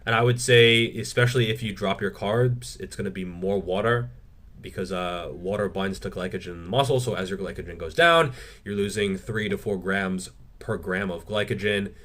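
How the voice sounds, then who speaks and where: A man's voice: sits low, moderate pace, fairly bright tone. A man answering viewer questions in a casual Q&A, reading each one aloud and then replying frankly, swearing freely. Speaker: fitness YouTuber.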